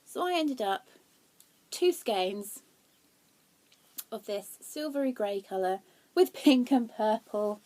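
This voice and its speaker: A young woman hosting a knitting podcast, chatting casually and excitably, laughing at herself as she shows her yarn. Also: a little high, slow, long pauses. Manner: excitable, giggly, self-deprecating.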